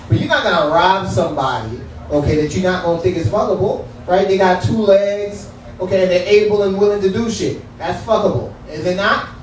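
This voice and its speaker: Heard from a distance in a very echoey room with a little hiss or hum, a man with a high-sitting, darkish voice works a small comedy room at a cannabis lounge. His stand-up set is loose, profane banter aimed right at the crowd.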